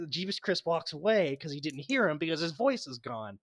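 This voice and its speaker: In clean studio sound with no echo, this podcast co-host speaks a little fast in a fairly high, fairly bright voice that swings widely in pitch. He's a giggly, rambling storyteller in casual conversation, laughing often.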